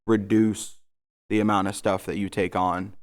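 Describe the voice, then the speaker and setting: Young man in his twenties, low-voiced podcast guest with a matter-of-fact delivery. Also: little pitch movement, normal speed. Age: 20s. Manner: plain, matter-of-fact answers. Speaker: guest comedian. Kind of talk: casual interview chat.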